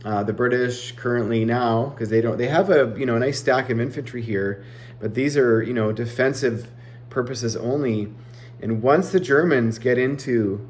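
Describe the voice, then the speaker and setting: A man giving a relaxed, explanatory summary of a strategy board game round, talking through the map with frequent fillers and asides. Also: medium pitch, echoey room, slight background noise.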